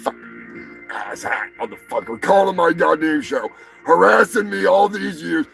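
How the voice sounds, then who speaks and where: A man hosting a live show, ranting crudely and swearing constantly, with bursts of shouting. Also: fairly high pitch, moderate pace, creaky, soft background music. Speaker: show host. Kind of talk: profane live-stream rant.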